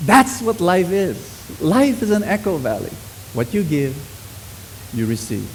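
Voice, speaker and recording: A middle-aged man preaching a sermon to a congregation, swinging between loud exclamations and soft, low lines. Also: big pitch swings, measured pace, a little hiss or hum, rough recording.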